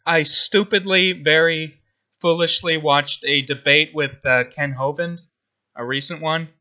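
A man's voice: a little high, steady tone, a little slow, bright, forceful tone, muffled recording. A man co-hosting a podcast in casual chat, hesitant, with many fillers and restarts. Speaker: podcast co-host.

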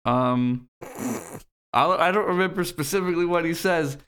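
A man's voice: fairly high pitch, moderate pace, fairly bright tone, clean tone. A man co-hosting a casual podcast, recapping a game playfully with swearing and lots of ums. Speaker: podcast co-host. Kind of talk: casual chat.

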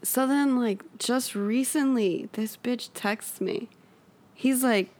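A woman's voice: fairly high pitch, slow pace. A young woman in casual podcast chat, telling a story full of swearing. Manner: animated, swearing heavily, laughing.

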